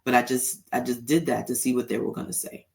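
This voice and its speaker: A man's voice: medium pitch, steady tone, a little fast, creaky, a little mellow, slight background noise. A man hosting a solo commentary show, talking bluntly and heatedly and swearing freely. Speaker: podcast host.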